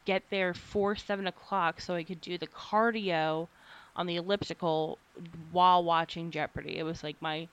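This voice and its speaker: A young American woman co-hosting a relaxed podcast. Her voice sits a little low, and she rambles through stories with frequent laughter and casual swearing. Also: moderate pace, clear, resonant tone. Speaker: podcast co-host. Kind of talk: casual chat.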